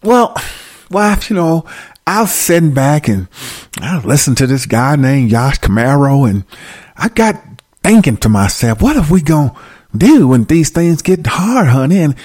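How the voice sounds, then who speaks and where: A man voicing a nervous preacher husband who speaks in a hesitant, halting way. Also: a little high, very animated, a little mellow, slightly rough, exaggerated voice. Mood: uneasy.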